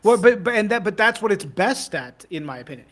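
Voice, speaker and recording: Podcast host guy, a bit high voice, hedgy, trails off. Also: big pitch swings, brisk. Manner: thoughtful, hedging, trails off mid-sentence. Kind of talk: casual conversational chat.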